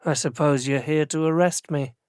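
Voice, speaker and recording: A man's voice: on the high side, steady tone, moderate pace, a little mellow, clean tone, no echo, studio quality, natural voice. A man voicing a polite, evasive young elven man. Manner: polite, deflecting. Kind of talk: audiobook character voice.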